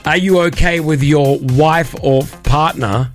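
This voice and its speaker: A man co-hosting a radio show, telling a story in a jokey, emphatic, animated way. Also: on the high side, measured pace, soft background music. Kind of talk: casual radio banter.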